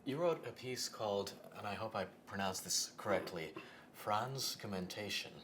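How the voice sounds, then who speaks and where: Interview host guy asking careful questions, lowish voice. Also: animated, normal speed, fairly bright tone, slight background noise. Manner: brief interjections and polite questions. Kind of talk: conversational interview.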